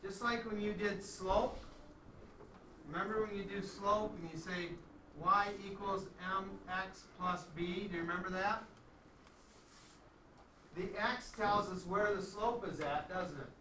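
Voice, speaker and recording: A man's voice: high-pitched, measured pace, pauses often, bright, forceful tone, slight background noise. A man teaching a math class in a conversational way, often checking in with his students. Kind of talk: classroom lecture. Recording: echoey classroom from far off.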